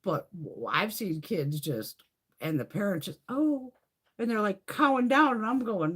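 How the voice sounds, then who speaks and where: A middle-aged woman hosts a casual livestream, telling stories at a measured pace while swearing freely and laughing often. Her husky, breathy voice leaps around in pitch as she animatedly recounts things.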